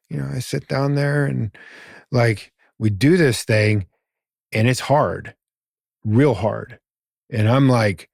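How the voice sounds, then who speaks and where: A man's voice: mid-range voice, measured pace, creaky, no room sound. A middle-aged man tells a story on a podcast, slipping into the voices of the people in it and swearing freely. His voice sits in a middle range. The room sound is dry and close. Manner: animated, acts out quoted lines, swears. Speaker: podcast guest. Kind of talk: casual storytelling.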